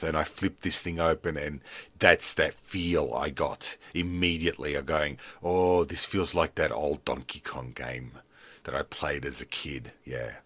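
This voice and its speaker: Low-voiced, halting podcast host. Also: male voice, no room sound. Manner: halting, stops and restarts, trails off quietly. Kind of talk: casual chat.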